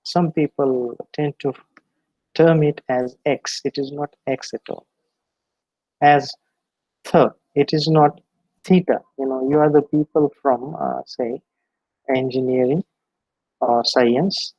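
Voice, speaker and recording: A man lecturing on phonetics, slowly and deliberately sounding out example words. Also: medium pitch, warm tone, no room sound, lo-fi sound. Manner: slow, deliberate, repeats example words aloud. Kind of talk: classroom lecture on pronunciation.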